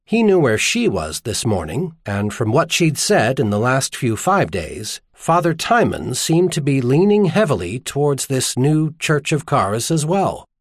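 A man narrates a novel as an audiobook, with a lively, wide-ranging voice that rises and falls with the story. His pitch sits in the middle range. The recording is close and completely dry. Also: measured pace, few pauses, dry recording. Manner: expressive storytelling. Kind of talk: scripted narration.

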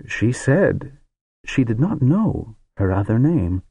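A man voicing a grave male wizard who tells a story with solemn, hushed awe. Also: mid-range voice, very animated, takes it slowly, husky, dry recording, voice pushed up, full character voice.

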